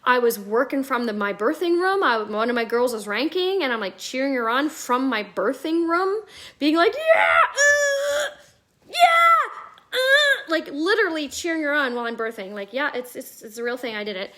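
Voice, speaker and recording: A woman telling her own story at home on a live video, chatty and animated, with a lot of "like". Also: on the high side, a little fast, few pauses. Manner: chatty, animated, many fillers like "like". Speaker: network marketing vlogger. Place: at home indoors, near a staircase. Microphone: live video call.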